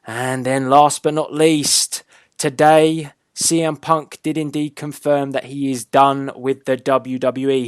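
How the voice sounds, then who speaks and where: A man's voice: medium pitch, no room sound. Man, wrestling show host, upbeat, teasing, casual chat, dry sound. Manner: upbeat, teasing, drawn-out announcements.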